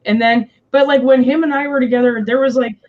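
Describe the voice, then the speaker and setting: A woman's voice: high-pitched, steady tone, fast talker, narrow, tinny audio. A woman co-hosting a live stream, chatting casually, laughing often and telling stories. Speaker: stream co-host.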